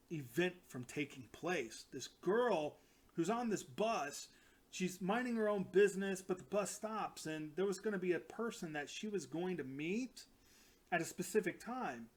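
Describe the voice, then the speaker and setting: Animated man recapping comics. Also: sits high. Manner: rambling, animated, acts out quotes in character voices. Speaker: comic book reviewer. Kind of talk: casual solo recap.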